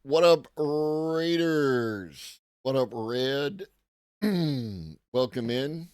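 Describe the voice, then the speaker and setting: A man's voice: medium pitch, expressive, drawn-out words, a little mellow, smooth, dry recording, clean studio sound. A man hosting a live tech-news commentary stream, talking casually and profanely with a rambling manner while greeting chat viewers.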